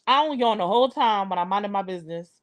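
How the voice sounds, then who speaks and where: A woman's voice: mid-range voice, lively intonation, quick pace, dry recording, dull audio. A young adult woman hosting a live stream in a casual, chatty way, talking straight to her viewers.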